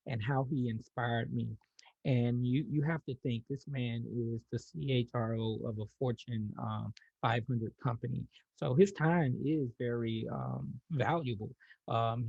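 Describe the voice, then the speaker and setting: A man's voice: mid-range voice, creaky, no room sound, dull audio. A man, a podcast guest, telling a personal story in a casual way, often restarting his sentences. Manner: repeats words when starting, laughs lightly.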